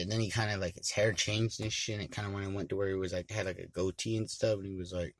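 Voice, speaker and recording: A man from Montana casually telling a rambling, profane story and getting loud and animated when he quotes people. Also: low-pitched, fast talker, few pauses, no room sound. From Montana, United States.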